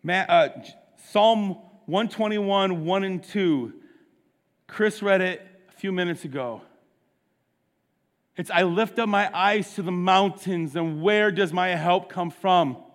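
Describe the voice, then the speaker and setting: Slow, high-voiced preacher in a reverberant hall. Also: male voice. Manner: impassioned, rising from hushed to loud. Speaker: pastor. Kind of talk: sermon. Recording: long reverb of a large hall.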